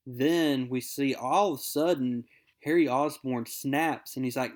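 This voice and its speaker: A man's voice: mid-range voice, unhurried. A young man casually recapping a comic book issue in an upbeat, chatty way, reading out character lines as he goes.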